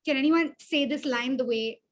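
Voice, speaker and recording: Woman workshop mentor, high voice, conversational and self-mocking, draws the audience in. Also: normal speed. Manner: chatty, self-deprecating, asks the audience questions. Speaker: webinar mentor. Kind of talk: interactive online workshop teaching.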